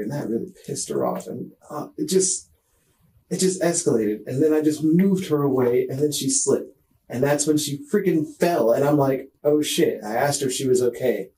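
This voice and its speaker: A man's voice: mid-range voice, expressive, normal speed, warm tone, far from the mic, slight background noise, poor audio. A man giving a recorded statement during a police interview, agitated and pleading, often breaking off and repeating his words. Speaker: murder suspect under police questioning.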